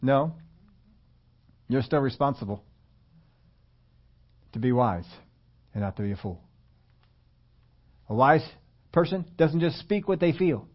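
A man preaching a conversational sermon, at times rising loud and emphatic. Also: mid-range voice, animated, slow pace, pauses often, dull audio. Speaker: pastor.

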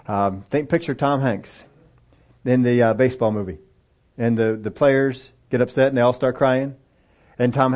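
A man's voice: mid-range voice, moderate pace. An older man preaching a sermon, reading scripture aloud and breaking into folksy, self-deprecating asides. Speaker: pastor. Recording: dull lo-fi sound.

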